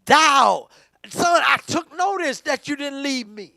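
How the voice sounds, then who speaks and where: A man preaching a sermon in church, swinging from hushed talk to shouting, repeating words for emphasis. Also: extremely high pitch, lively intonation, takes it slowly, creaky, no room sound. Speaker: pastor. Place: church sanctuary.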